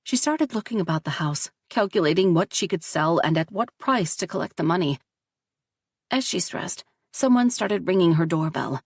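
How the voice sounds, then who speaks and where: A woman reading a story aloud in steady, measured audiobook narration. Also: fairly low pitch, husky, no echo, clean studio sound.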